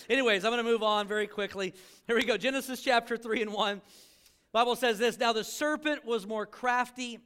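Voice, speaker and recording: A man's voice: extremely high pitch, fairly bright tone, clear, resonant tone. A male pastor preaching a sermon to a live congregation, joking and acting out quoted voices as he talks.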